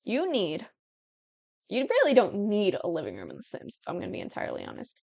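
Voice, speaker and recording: A woman's voice: medium pitch, wildly swooping pitch, brisk, vocal fry, darkish tone, dry recording, muffled recording. A young woman giving casual, chatty gameplay commentary while she builds, often breaking off mid-thought and giggling. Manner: chatty and self-interrupting, with giggles. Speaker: Sims building tutorial creator.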